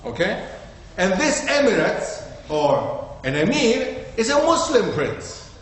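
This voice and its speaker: A man's voice: high voice, sing-song, slow. A man giving an interactive talk to an audience, often quizzing them and checking with "okay?" as he goes. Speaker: lecturer. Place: community centre hall. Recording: echoey hall with faint noise.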